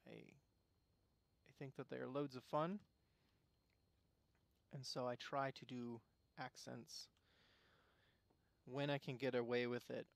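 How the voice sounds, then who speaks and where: A game streamer from Arizona, USA, muses through casual gameplay commentary, drifting between thoughts and cutting himself off mid-sentence. His everyday middle-pitched voice has vocal fry and sounds close and dry, with no room around it.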